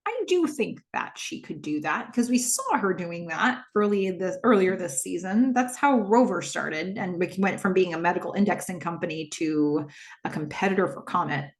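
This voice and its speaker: A woman hosting a podcast, casually retelling a TV episode scene by scene and acting out the characters' lines. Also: moderate pace. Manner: animated retelling, quoting characters with shifting pitch. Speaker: podcast host recapping a TV episode. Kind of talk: casual recap with acted-out dialogue. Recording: roomy echo.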